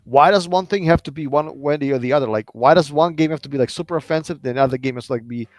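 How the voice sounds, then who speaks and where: A man's voice: a little high, no room sound. A man on a casual gaming podcast who explains his points at length, filling them with "like" and "right?". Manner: measured, explaining, many fillers.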